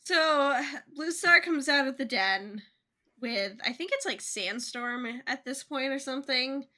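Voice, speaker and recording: A young woman co-hosting a casual book podcast, retelling a story in a chatty way with quick voiced asides. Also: high-pitched, animated, pushed and bright. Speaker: podcast co-host.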